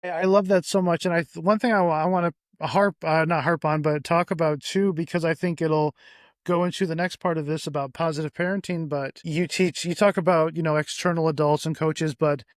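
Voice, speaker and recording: A man's voice: fairly high pitch, steady tone, a little fast, no echo, studio quality. A man hosting a parenting podcast, enthusiastic, asking long questions he often restarts. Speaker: podcast host. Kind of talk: casual podcast interview.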